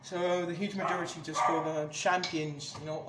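High-voiced man ranting angrily on a podcast. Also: level tone, normal speed, few pauses. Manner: angry, swears a lot, many restarts. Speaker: podcast host. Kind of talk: casual ranting monologue. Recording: echoey room with clear background noise.

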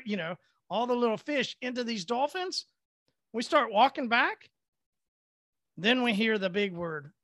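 Male host from Oklahoma, excitable storyteller, bright forceful tone, dry close sound. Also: sits high, dry recording. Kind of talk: casual storytelling chat.

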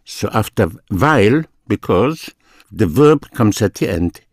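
Slow, deliberate older male teacher. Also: lowish voice, expressive, no room sound, studio quality. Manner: slow, deliberate, repeats phrases for the learner. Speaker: language teacher. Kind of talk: recorded language lesson.

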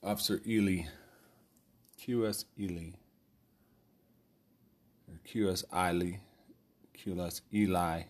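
Husky low-voiced man telling a story. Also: steady tone, slow pace, long pauses. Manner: profane, rambling, laughs often. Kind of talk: casual personal storytelling.

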